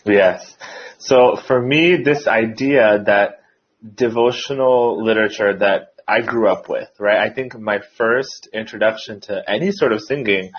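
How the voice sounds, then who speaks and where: A man, a musician guest in an interview, speaking in a calm, reflective way. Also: fairly low pitch, a little slow, breathy edge. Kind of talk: casual interview chat. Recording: dull lo-fi audio.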